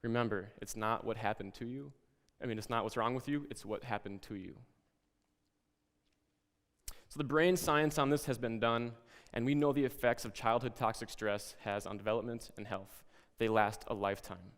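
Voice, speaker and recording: A man presenting a lesson to educators, speaking in a calm, reflective, guiding way and telling a story. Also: mid-range voice, a little fast, in a large hall.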